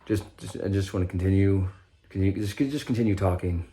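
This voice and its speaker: Here a young man's low, mellow voice moves a little fast as he shares his recovery story as a vlogger. It's an easygoing, meandering monologue, heavy on profanity and broken-off sentences.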